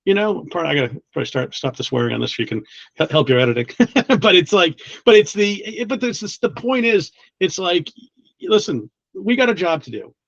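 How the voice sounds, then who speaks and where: Recruiter guy, talks kinda high, swears a lot, laughs, muffled audio. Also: lively intonation, fairly quick, gravelly, fairly bright tone, no room sound. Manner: blunt, swears freely, laughs often, many restarts. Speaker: guest recruiter. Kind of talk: casual interview chat.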